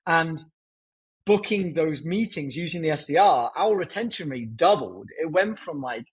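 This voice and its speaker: A man's voice: on the high side, normal speed, husky, rough recording. A man as a podcast guest and founder, chatting casually and energetically, with a lot of "like" fillers. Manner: energetic, filler-heavy with frequent "like". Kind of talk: casual interview talk.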